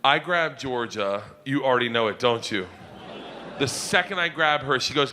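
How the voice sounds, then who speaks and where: A middle-aged man doing stand-up comedy, telling loud, animated stories on a live stage as the audience laughs. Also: medium pitch, normal speed. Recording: live venue with loud crowd noise.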